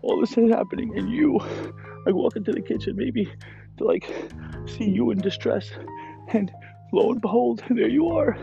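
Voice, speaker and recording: A tearful young hostess pours out her accusations in a shrill, very high voice, as a man puts her on. She sounds stressed and close to sobbing. The recording is dull and lo-fi, with faint music behind. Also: expressive, racing, few pauses. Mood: upset accusing. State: crying.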